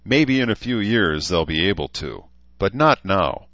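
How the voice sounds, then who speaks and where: A man's voice: low voice, expressive, a little slow, a bit bright, dry recording. A man voicing a weary middle-aged male town leader who speaks coldly and wryly. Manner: cold, wry, talkative. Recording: slightly dull recording.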